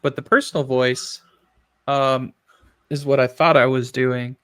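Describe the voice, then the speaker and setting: A man's voice: mid-range voice, measured pace, smooth. A man talking casually on a tech podcast, chatty and self-deprecating. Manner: chatty, self-deprecating, quotes people in lively voices. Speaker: podcast host.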